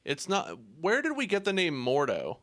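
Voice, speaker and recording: A man's voice: high voice, huge pitch swings, normal speed, fairly bright tone. A man co-hosting a casual podcast, talking through a game with chatty fillers. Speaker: podcast co-host.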